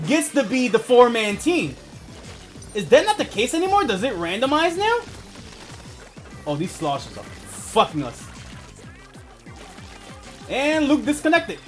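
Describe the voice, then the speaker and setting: A man's voice: extremely high pitch, big pitch swings, a little slow, long pauses, soft background music. A young man streaming a video game, chatting casually in a rambling, profane way and laughing often. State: asthmatic. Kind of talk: casual gaming stream chat.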